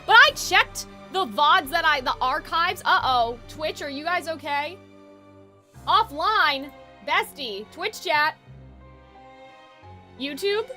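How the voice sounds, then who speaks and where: A woman's voice: high voice, lively intonation, takes it slowly, long pauses, bright, forceful tone, soft background music. A young woman streaming a game live, chatting casually with her viewers, giggling and using plenty of fillers.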